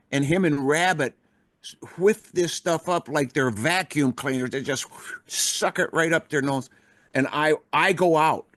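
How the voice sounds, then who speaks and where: An older rock musician telling a long backstage story in a relaxed, rambling way, with plenty of swearing. He jumps into higher or lower voices when quoting others. His voice sits in a middle pitch and is recorded close and dry, with no room sound. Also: no room sound. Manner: rambling anecdotal, salty language, acts out quoted voices. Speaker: podcast guest, rock musician. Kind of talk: casual storytelling.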